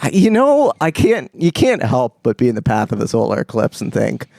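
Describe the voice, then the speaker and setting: A man co-hosts a community radio show with a wry, rambling delivery and frequent laughs. His mid-pitched voice has a strong gravelly fry. The studio sound is close and dry. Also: huge pitch swings, normal speed, darkish tone, dry recording. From Canada. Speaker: radio co-host. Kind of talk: casual radio banter.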